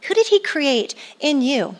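A woman's voice: high voice, sing-song, measured pace. A middle-aged woman giving a sermon at a women's church gathering, conversational and emphatic, repeating her key phrases. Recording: long hall reverb.

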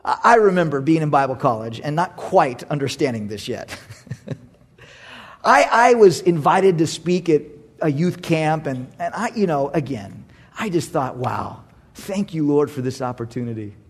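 Man preaching, sermon, animated storyteller, loud then hushed, husky, fairly high voice. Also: a little slow. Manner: animated storyteller, swings between loud and hushed, laughs often. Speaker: pastor.

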